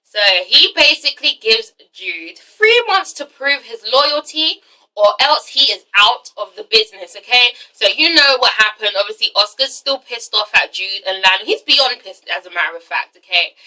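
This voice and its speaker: A young woman doing a chatty, excited episode recap, acting out the characters' lines as she goes. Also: a little high, moderate pace, recorded from a distance, poor audio. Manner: animated, giggly, slips into dramatic character voices. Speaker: TV episode reviewer. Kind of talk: excited casual recap with acted-out quotes.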